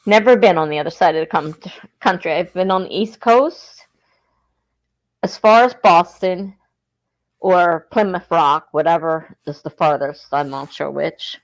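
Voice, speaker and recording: South jersey lady hosting a stream, lowish voice, chatty and rambly, laughs a lot. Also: unhurried. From southern New Jersey. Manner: chatty, laughs often, meandering. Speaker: livestream host. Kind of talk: casual livestream chat, reading comments aloud.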